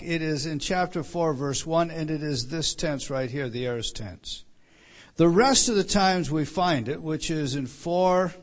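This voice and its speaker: A man giving an evening Bible teaching. He works through verses and stresses each quoted line, often repeating a word as he starts a sentence. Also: fairly high pitch.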